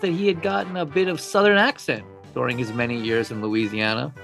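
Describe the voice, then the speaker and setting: A man's voice: mid-range voice, expressive, a little fast, vocal fry, a bit bright, faint music behind. A man co-hosting a podcast, reading scripted true-crime narration with casual asides. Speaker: podcast co-host.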